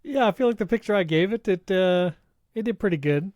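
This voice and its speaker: A man co-hosting a tech podcast in casual chat, upbeat and chatty, quick to laugh. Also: high-pitched, animated, a little mellow, dry recording, clean studio sound. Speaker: podcast co-host.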